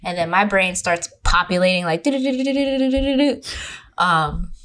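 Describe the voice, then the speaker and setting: A woman's voice: lowish voice, moderate pace. A young woman from California, a podcast guest, chatting casually and telling a dating story with lots of swearing and acted-out quotes. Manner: animated storyteller who swears freely and acts out quotes. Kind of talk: casual chat.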